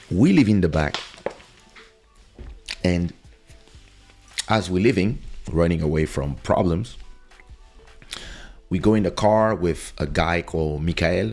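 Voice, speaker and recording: A man's voice: sits low, darkish tone. A man hosting a podcast, telling a rambling personal anecdote in a loose, casual way. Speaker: podcast host. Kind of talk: casual storytelling. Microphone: studio podcast microphone.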